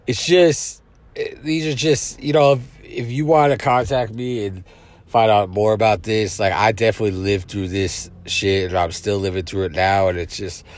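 Male podcast host, deep low voice, dry close sound; blunt, profane, rambling delivery. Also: no echo. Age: adult parent. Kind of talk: casual monologue.

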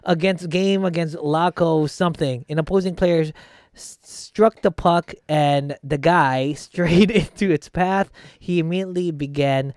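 Male comic host, loose banter, quick laughs, dry close mic. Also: fairly high pitch, dry recording. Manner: animated, laughs often, reads news aloud with asides. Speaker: comedian podcast host. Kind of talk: casual comedic chat.

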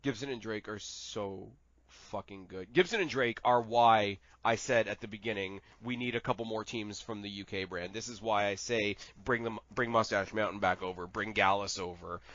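Man, podcast co-host, casual wrestling chat, animated, profane, dry muffled sound. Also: lowish voice, moderate pace, dry recording. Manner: animated, swears a lot, rambling asides.

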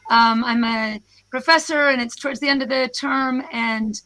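A hoarse American woman, a professor, giving a snarky, self-deprecating presentation over a video call. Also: a little high, fairly even intonation, moderate pace, pushed and bright. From United States. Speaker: guest speaker, professor.

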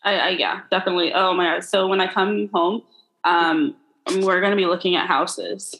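A woman's voice: fairly low pitch, normal speed, a bit bright, low-quality recording. A young adult woman in casual chat as a podcast co-host, telling stories bluntly and swearing freely.

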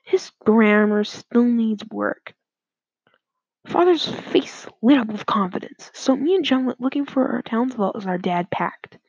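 A woman's voice: fairly high pitch, animated, moderate pace, hardly any pauses, darkish tone, husky, no echo. A woman narrating her own story aloud in a plain, slightly hesitant reading. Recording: dull lo-fi dry recording.

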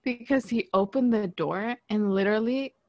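A woman's voice: medium pitch, normal speed, no room sound, dull audio. A young woman co-hosting a casual podcast chat, telling stories in a rambling way full of "like" and laughter. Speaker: podcast co-host.

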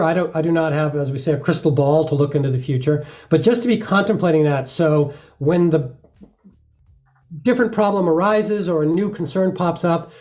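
The speaker is a middle-aged mountaineer being interviewed, talking earnestly and occasionally acting out brief examples. He has a mellow, somewhat high male voice and a steady, reflective pace, heard through dull, lo-fi audio.

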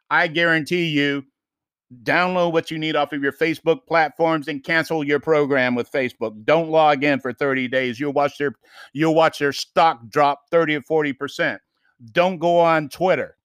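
Urgent, smooth-voiced male podcast preacher. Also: on the high side, fairly bright tone, dry recording, clean studio sound. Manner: urgent, repeats commands. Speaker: podcast co-host.

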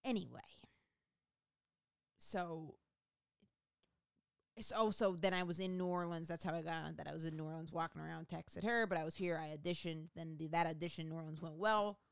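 A woman's voice: low-pitched, fairly even intonation, moderate pace, creaky, long pauses, clean tone, no echo, clean studio sound. A woman comedian telling a rambling, profane story about her own life in a casual, self-mocking way.

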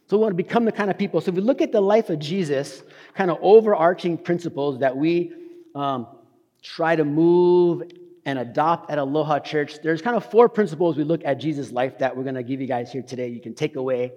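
A man preaching a casual, animated sermon, talking fast and tossing in slang. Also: on the high side, big-room sound, muffled recording. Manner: talks fast. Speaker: pastor. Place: church hall.

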